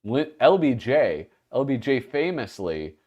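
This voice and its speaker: A man's voice: medium pitch, sing-song, measured pace, a little mellow, highs cut off. A man with a Minnesota accent, hosting a podcast in casual, laughing banter. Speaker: podcast host. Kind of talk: casual chat.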